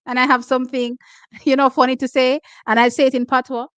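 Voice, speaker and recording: Lively Jamaican woman streaming track talk. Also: high-pitched, normal speed, clean tone, no room sound. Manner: animated, switches between patois and standard English, laughs often. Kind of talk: casual livestream chat reading comments.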